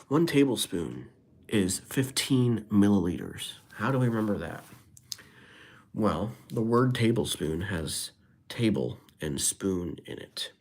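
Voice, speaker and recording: A man's voice: on the low side, big pitch swings, slow pace, darkish tone. A man chatting casually on a live stream, playfully rhyming and dropping into whispers. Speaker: livestreamer. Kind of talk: casual live-stream chat with freestyle rhymes.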